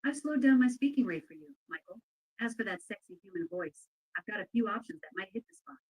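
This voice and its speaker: A synthetic woman's voice, a voice assistant replying politely and agreeably in a steady way. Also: medium pitch, fast, breathy edge, rough recording.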